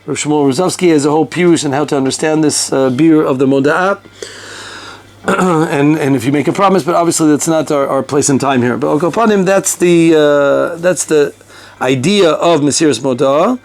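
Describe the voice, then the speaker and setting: A man teaching a conversational halacha lesson, animated and talkative, mixing Hebrew and Yiddish terms into his English. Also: on the high side, moderate pace. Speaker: Torah teacher.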